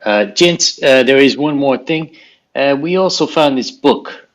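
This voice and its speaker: A man's voice: mid-range voice, expressive, a little slow. A man playing a tabletop game, who asks hesitant questions. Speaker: player. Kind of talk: casual tabletop game play. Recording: dull lo-fi audio.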